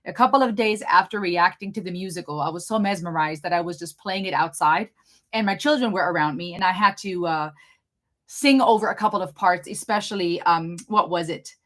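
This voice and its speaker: A young adult woman with a slight German accent, hosting a live Q&A in an excitable, fast-talking, chatty way. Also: lowish voice. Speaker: channel host doing a live Q&A. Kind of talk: casual live-stream chat.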